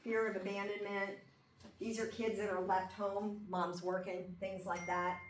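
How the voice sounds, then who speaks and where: A woman at mid pitch gives a lecture, chatting her way through the material and checking in with her listeners along the way. The mic sits well away from her, so her voice comes across distant in an echoey room. A faint hum runs underneath. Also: level tone, measured pace. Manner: conversational, checks in with listeners by asking 'okay?' and 'right?'. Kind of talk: classroom lecture.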